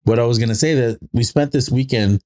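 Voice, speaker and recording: A man's voice: medium pitch, fairly quick, darkish tone. Chatty man telling family stories. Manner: rambling storytelling, acts out his daughter's lines. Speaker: podcast co-host. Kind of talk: casual chat.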